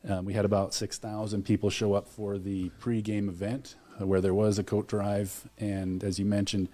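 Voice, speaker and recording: A man's voice: lowish voice, mellow. A man being interviewed as an alumni relations director, earnestly retelling events with quoted dialogue. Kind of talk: radio interview guest.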